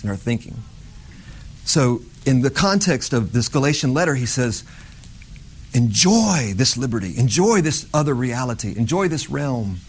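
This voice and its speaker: A man's voice: medium pitch, a little mellow. A middle-aged man preaching an informal sermon in a conversational way that builds to fervent emphasis.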